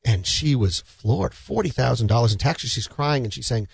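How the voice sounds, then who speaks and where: A man's voice: mid-range voice, animated, normal speed, gravelly, slightly rough, no echo. A middle-aged man, a financial advisor hosting a show, giving earnest, persuasive money advice and telling client stories. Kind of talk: conversational advice talk.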